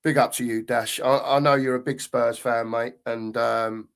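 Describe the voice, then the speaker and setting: Middle-aged man, medium pitch, easygoing fan host chatting to viewers. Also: level tone, normal speed, vocal fry, clear, resonant tone. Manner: chatty, matey, greets viewers with "big up". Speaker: live stream host reading chat. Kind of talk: casual live chat.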